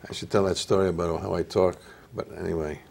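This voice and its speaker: A man's voice: deep voice, level tone, fast talker, gravelly, a little mellow, slight background noise. An older man with an Italian-American accent and a nasal voice, telling stories as an actor guest in a casual interview. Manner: storytelling, easygoing.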